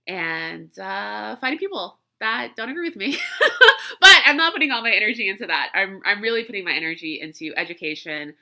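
Emotional woman podcaster, bright voice. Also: medium pitch, animated, a little fast, creaky. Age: 30s. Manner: candid, emotional, swearing, laughing often. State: congested from crying and allergies. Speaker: podcast host. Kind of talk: casual solo podcast talk.

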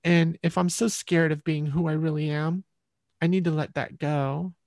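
Gravelly-voiced woman telling her story. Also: sits low, steady tone, moderate pace, a little mellow, dry recording. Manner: rambling, reflective storytelling with repeated restarts. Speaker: musician guest. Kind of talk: conversational storytelling in an interview.

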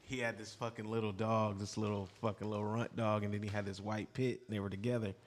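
A man's voice: on the low side, little pitch movement, quick pace. A man telling a rambling, slang-filled story in casual podcast chat.

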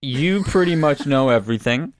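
A man's voice: medium pitch, lively intonation, moderate pace, dry recording. A young man talking casually as a podcast guest, rambling and playfully defensive.

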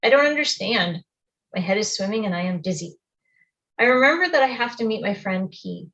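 A woman narrates a personal memory in the first person, speaking in the present tense. Her delivery is quiet and reflective, with a mid-range pitch. It has the steady pacing of spoken storytelling. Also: a little fast, highs cut off.

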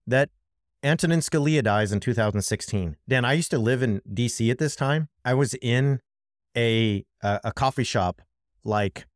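On a podcast, a man with a medium-pitched voice talks politics with his co-host, addressing him directly in an impassioned, emphatic, worked-up way. It's casual political commentary, recorded with studio quality and no room sound.

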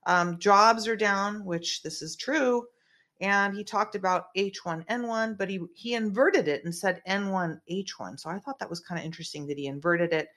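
A woman's voice: medium pitch, moderate pace, fairly bright tone. Brief: woman host, rambling conspiratorial commentary, lots of fillers, small room. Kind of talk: casual political commentary.

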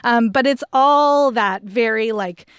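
A woman's voice: on the high side, slow, a bit bright, smooth, no room sound, clean studio sound. A woman co-hosting a book podcast, recommending novels in a rambling, enthusiastic way. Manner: rambling, enthusiastic, restarts sentences. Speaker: podcast co-host. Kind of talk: casual book chat.

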